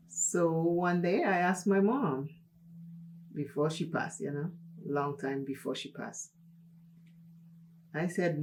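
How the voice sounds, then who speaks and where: A woman from Dominica, hosting a makeup tutorial and telling a personal story in an unhurried, chatty way. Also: deep voice, a little mellow. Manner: unhurried, chatty, laughs while telling stories. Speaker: makeup channel host.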